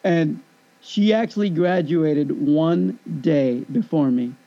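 A man in his fifties in casual chat, telling an animated story and acting out both sides of a conversation. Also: fairly high pitch, slow. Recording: dull lo-fi recording.

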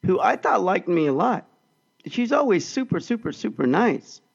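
Animated man telling a story, gravelly voice. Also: high voice, moderate pace, lo-fi sound. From California. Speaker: podcast co-host. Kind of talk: casual storytelling chat.

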